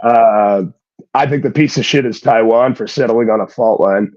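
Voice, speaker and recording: A male comedian guest talks hesitantly, filling gaps with ums and likes. His mid-pitched voice comes through dull, muffled remote audio. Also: normal speed, darkish tone. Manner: hesitant, filler-heavy. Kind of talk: casual comedy chat.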